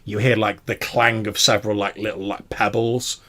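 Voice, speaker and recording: A man's voice: lowish voice, flat delivery, normal speed, sharp tone. A man narrating as game master of a tabletop game over a call, describing scenes at length with lots of fillers.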